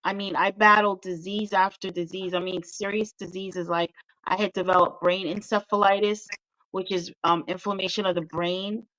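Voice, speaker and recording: A woman, a guest author telling her own story in a candid interview, lively and full of quoted voices. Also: mid-range voice, normal speed, poor audio. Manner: animated, mimics voices in quotes.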